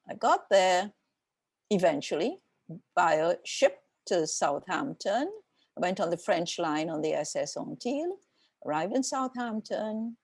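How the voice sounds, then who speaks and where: An older woman from Trinidad with a Trinidadian accent, an author talking through her memories and ideas in a reflective, unhurried way during an interview. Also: mid-range voice, creaky, a little mellow, breathy edge, dry recording. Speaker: author guest. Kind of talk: conversational interview.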